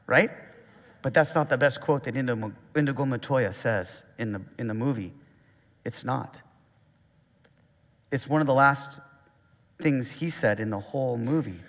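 A man preaching a sermon, animated and conversational, reading scripture aloud. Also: mid-range voice, normal speed, long pauses, big-room sound. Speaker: pastor.

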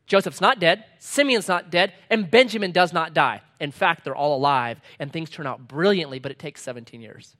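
A middle-aged man preaching a sermon as pastor, swinging between loud punchy lines and quiet low asides, reading scripture slowly and deliberately.

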